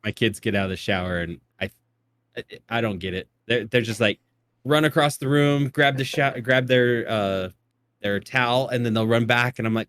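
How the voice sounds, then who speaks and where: A man hosting a casual podcast chat, easygoing, laughing often and trailing off softly. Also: mid-range voice, fairly even intonation, moderate pace, no room sound. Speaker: podcast host.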